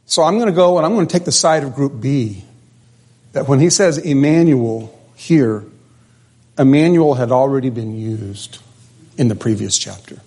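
A man's voice: mid-range voice, normal speed, dark tone. A man preaching a sermon in a conversational way, often asking the congregation questions. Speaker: pastor.

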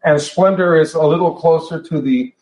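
A man's voice: a little high, moderate pace, darkish tone. A man preaching a Bible study sermon in a church hall, talking in a conversational way and often restarting and repeating phrases. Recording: echoey room.

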